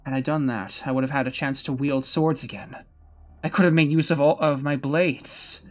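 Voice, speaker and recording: A man's voice: mid-range voice, fairly even intonation, close to an everyday voice. A man voicing a weary old swordsman. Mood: bitter. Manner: slow, brooding, resigned. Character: weary old male swordsman awaiting death. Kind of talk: fan voice reading of a game story.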